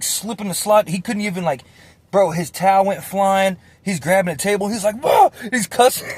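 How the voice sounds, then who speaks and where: Animated young man telling a story. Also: fairly high pitch. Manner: animated, swearing, acts out quotes. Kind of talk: casual storytime.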